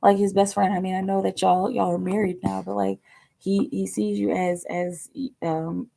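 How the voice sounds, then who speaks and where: A woman's voice: medium pitch, level tone, moderate pace, vocal fry, mellow. A woman giving a chatty live-stream tarot reading, rambling with lots of fillers and dropping now and then into whispered asides. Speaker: tarot reader.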